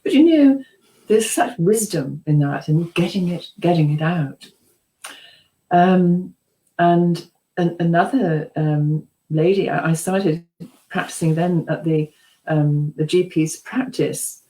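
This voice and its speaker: A middle-aged British psychotherapist, a woman with a lowish voice, takes her time telling chatty anecdotes as an interview guest. She's warm, full of ums and laughs, and acts out quoted voices, though the recording is rough.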